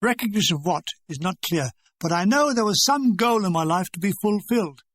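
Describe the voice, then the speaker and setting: A man's voice: high voice, lively intonation, brisk. An older English man reading his own war memoir in a dry, wry, conversational way. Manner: dry, wry and conversational, acting out remembered dialogue.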